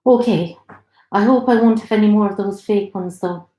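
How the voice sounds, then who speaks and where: A woman reading aloud gives voice to a heavily pregnant young woman, worn out and craving sweets, chatty and a little plaintive. The tone is mellow and soft-edged, and the room around it adds a roomy echo to this storybook reading. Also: mid-range voice, moderate pace, close to an everyday voice. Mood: weary.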